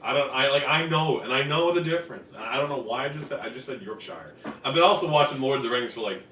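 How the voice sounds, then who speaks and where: A Newfoundland cooking show host chats his way through a relaxed live stream from his home kitchen, wandering off topic and fixing his own words midstream. He speaks fast at a medium pitch, sounding pushed and bright. It's a low-quality recording from a distant mic, reverberant, with slight background noise.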